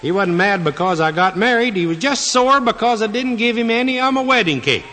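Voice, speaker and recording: A man's voice: sits high, expressive, fairly quick, sharp tone. A middle-aged man, telling folksy jokes on stage to an audience. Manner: drawling, joke-telling, rural folksy talk. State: has a cold. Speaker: comedian on stage. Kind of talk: folksy stage comedy monologue. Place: large venue with stage and audience. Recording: reverberant hall with audience ambience.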